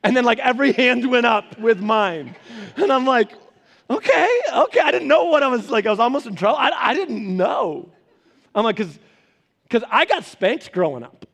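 A man preaching a sermon as a pastor, telling family stories in an animated way with laughing asides. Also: extremely high pitch, moderate pace, creaky.

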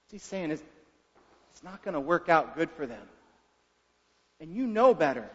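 A man preaches in a high, light voice, chatting with his congregation as much as teaching them. He keeps turning to his listeners with quick questions. The recording is dull and muffled, with a long hall echo trailing each phrase. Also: sing-song. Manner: conversational, folksy, asks the listeners questions. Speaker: pastor. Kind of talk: sermon. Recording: dull reverberant hall sound.

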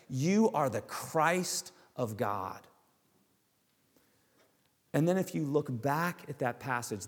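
A man preaching a sermon, emphatic, slowing and dropping to a hush on key words. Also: medium pitch. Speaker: pastor. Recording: long hall reverb.

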